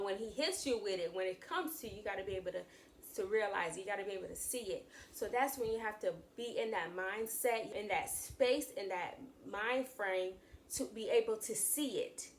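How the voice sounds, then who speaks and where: A woman's voice: mid-range voice, normal speed, a little hiss or hum. A woman hosting her own channel, talking casually about her faith, chatty and repetitive, often saying "y'all" to viewers. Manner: chatty, repeats and restarts phrases, addresses viewers as y'all. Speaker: channel host sharing faith views. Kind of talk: casual talk to camera.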